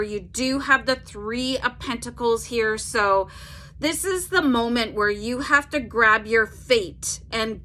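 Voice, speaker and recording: A woman's voice: on the high side, sharp tone. A woman reading tarot cards to camera in a casual, chatty way, peppering her talk with "like" and checking in with "okay?". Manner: chatty, fills with "like", tags "okay?" on sentences. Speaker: tarot reader.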